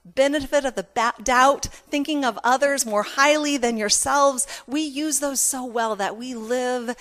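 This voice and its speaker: Bright, high-voiced woman preaching. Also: unhurried. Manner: conversational, self-deprecating preaching with emphatic repetition. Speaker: pastor. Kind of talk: sermon.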